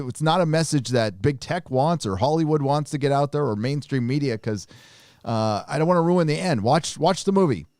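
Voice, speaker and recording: A man hosting a live online show, telling stories in a loose, rambling way and swearing freely. His voice sits at a middle pitch. The recording is dry and close. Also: a little mellow, no echo. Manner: profane, rambling, restarts often. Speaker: podcast host. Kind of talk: casual chat on a live show.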